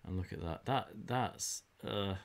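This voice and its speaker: Gravelly man joking about a game. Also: sits low, a little slow. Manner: chatty, joking asides. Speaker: gaming streamer. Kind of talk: casual game commentary.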